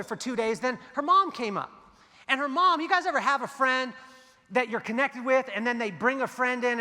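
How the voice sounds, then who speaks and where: High, bright-voiced man speaking on stage. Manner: animated, jokey storytelling with acted-out dialogue. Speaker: keynote speaker. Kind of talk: motivational keynote storytelling. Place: large hall before a big audience. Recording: long hall reverb.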